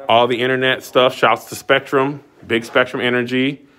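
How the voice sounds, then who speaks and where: Excitable man giving a walking tour. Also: medium pitch, normal speed. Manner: excitable, showman-like announcing. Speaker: studio owner giving a tour. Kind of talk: casual walkthrough tour. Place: large empty commercial building.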